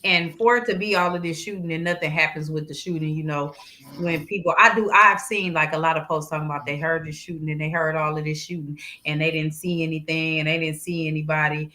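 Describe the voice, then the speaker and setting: A woman co-hosting a casual talk show, telling a story in an animated way, laughing often and swearing freely. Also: low voice, a little fast. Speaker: co-host.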